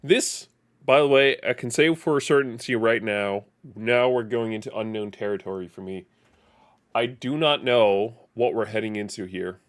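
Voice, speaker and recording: A man doing live gameplay commentary as a streamer. He talks in a chatty, animated way and often corrects himself. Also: fairly low pitch, moderate pace.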